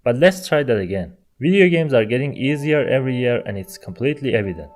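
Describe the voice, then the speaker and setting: A man's voice: medium pitch, animated, fast talker, a little mellow. A man narrating a scripted gaming video essay as its host, with wry, sarcastic asides.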